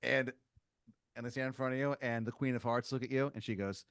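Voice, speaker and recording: A man hosting a comedy podcast, improvising a story in a rambling, halting way with many fillers and giggles. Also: medium pitch, fairly even intonation, a bit bright, dry recording, clean studio sound. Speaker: podcast host.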